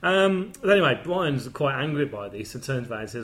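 A man's voice: mid-range voice, expressive, brisk, fairly bright tone. A man in casual conversation, enthusiastically retelling comedy scenes and laughing along. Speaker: podcast host. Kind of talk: casual film chat.

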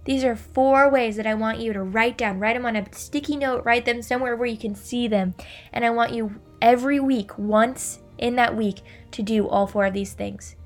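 A young adult woman hosting a faith and business podcast, chatty and animated, acting out quotes as she tells stories. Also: fairly high pitch, normal speed, soft background music. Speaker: podcast host.

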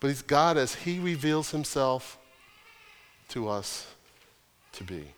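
A male pastor preaching an earnest, emphatic sermon with deliberate pauses. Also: medium pitch, expressive, a bit bright, clean tone, long reverb tail.

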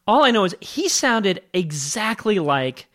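A man's voice: high-pitched, big pitch swings, measured pace, fairly bright tone. A man co-hosting a podcast, talking about a film in an easygoing way, laughing often and repeating words as he goes. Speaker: podcast co-host. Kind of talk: casual film discussion.

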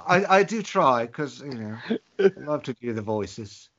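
A man hosting a podcast, telling crude, animated stories and laughing often. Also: mid-range voice, unhurried, dull audio. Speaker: podcast host. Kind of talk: casual chat.

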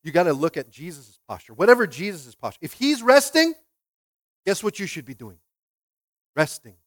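A man with a high voice preaches with swings from hushed asides to loud, emphatic bursts. He keeps asking the congregation questions and often repeats words as he restarts. The sound is dry and close. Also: no echo. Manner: lively preaching with call-and-response questions. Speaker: pastor. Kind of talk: sermon.

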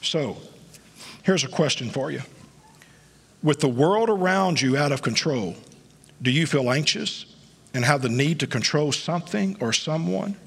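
A male pastor preaching a sermon, with emphatic delivery that swings between quiet asides and loud peaks, recorded in a church. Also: a little high, expressive, measured pace, vocal fry, long pauses, husky. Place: church sanctuary. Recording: long church hall reverb.

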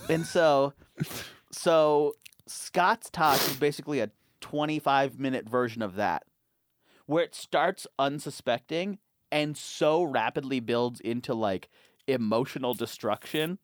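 A man's voice: mid-range voice, a little slow, no echo, studio quality. A young man hosting a casual podcast, swearing and laughing as he rambles through stories. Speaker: podcast host.

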